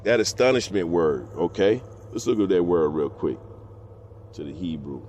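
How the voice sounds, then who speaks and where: A man teaching scripture, reading verses slowly and breaking into slangy, profane asides. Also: low voice, a little mellow, a little hiss or hum. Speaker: preacher. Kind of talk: scripture teaching with street talk.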